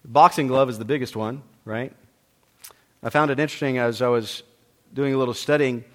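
A man preaching a sermon, reading scripture aloud and acting out the quoted exchanges with rising fervor, then dropping to a quiet, conversational tone for an illustration. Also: medium pitch, steady tone, fairly quick.

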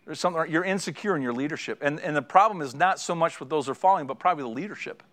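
A man's voice: a little high, rapid-fire, a bit bright. A middle-aged man preaching a sermon as a pastor, earnest and exhorting, driving points home with repeated phrases.

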